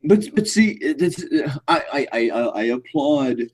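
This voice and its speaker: A man's voice: medium pitch, animated, unhurried. A man co-hosting a podcast, angry and indignant, swearing constantly. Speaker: podcast co-host. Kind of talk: casual profane chat.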